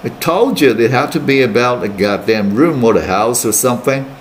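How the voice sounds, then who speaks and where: A man reading aloud and voicing an irritable, conceited teenage boy roommate who swears gruffly. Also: mid-range voice, lively intonation, normal speed, a little hiss or hum, close to an everyday voice, low-quality recording. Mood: furious. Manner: gruff, swearing, exasperated retorts.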